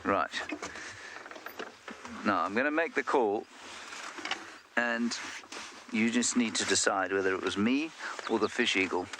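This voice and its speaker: A man's voice: lowish voice, a little slow, pauses often. A man guiding a live safari drive, joking and chatting with viewers in a self-mocking way. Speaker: safari guide presenting a live game drive. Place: outdoors in the bush. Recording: outdoor field mic with clear nature noise.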